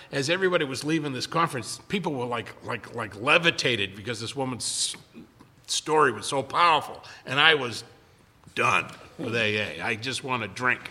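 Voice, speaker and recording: Speaking in a sharp, mid-range voice, an older man casually recounts his recovery. His talk rambles with frequent stops, restarts and stammering, and the sound echoes with long hall reverb.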